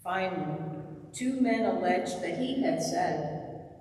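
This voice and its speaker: A lector narrating a Passion gospel reading in a church, slow and formal. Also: medium pitch, animated, darkish tone. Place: church sanctuary. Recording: echoey church from far off.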